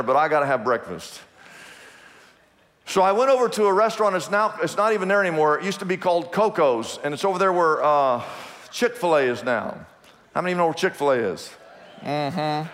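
Storytelling pastor in a reverberant hall. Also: male voice, a little high. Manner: animated storyteller, asks the congregation questions. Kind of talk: storytelling sermon. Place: church sanctuary. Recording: long reverb of a large hall.

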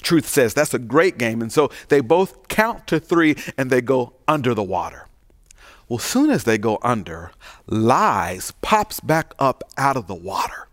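A man preaching a sermon, telling a folksy parable with animated, building emphasis before moving into the message. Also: medium pitch, a little slow, no echo, studio quality. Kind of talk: sermon storytelling.

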